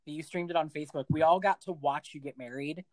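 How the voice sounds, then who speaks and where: A woman hosting a casual chat, effusive and animated in her reactions. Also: sits low, fairly quick, no echo. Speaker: host.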